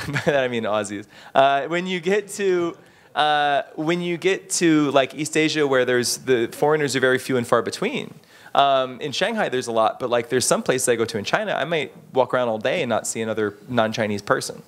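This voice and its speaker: A man giving casual, animated interview answers, full of fillers and restarts, who slips into playful voices when quoting people. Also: mid-range voice, moderate pace. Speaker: interviewee, expat in the bar trade.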